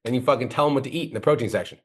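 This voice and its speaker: A man coaching a guest with blunt, profane, rapid-fire critique. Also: mid-range voice, slight background noise.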